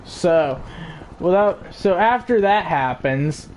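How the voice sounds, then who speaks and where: Casual storytime narrator, slow and rambling, lots of fillers and swearing, faint ambience behind. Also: medium pitch, lively intonation, darkish tone, a little hiss or hum.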